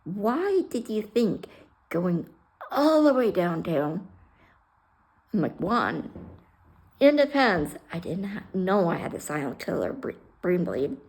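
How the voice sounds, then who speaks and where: A woman's voice: mid-range voice, sing-song, slow pace, pauses often, darkish tone. A woman, a retired fire rescue worker, telling her own story in a casual vlog, blunt and candid, swearing and mixing humor with raw emotion. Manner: retells scenes by acting out both sides of conversations.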